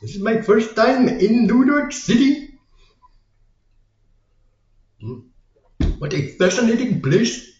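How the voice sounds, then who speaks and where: A man putting on a high, sing-song Indian accent. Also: very animated, slow, pauses often, darkish tone, heavily acted. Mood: polite wonder. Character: white man with mullet, mustache, fake Indian accent. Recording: roomy, dull lo-fi sound.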